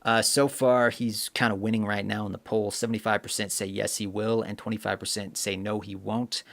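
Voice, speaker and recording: A man's voice: lowish voice, level tone, fairly quick, gravelly, fairly bright tone. A man hosting a live stream, chatting casually and reading viewer comments aloud with lots of fillers. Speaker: livestream host.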